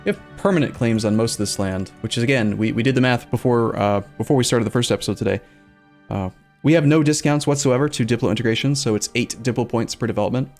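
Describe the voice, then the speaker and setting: A man's voice: mid-range voice, fast talker, a little mellow, soft background music. A man streaming a strategy game, chatting casually as he plays, thinking aloud and answering his chat. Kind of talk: casual let's-play commentary.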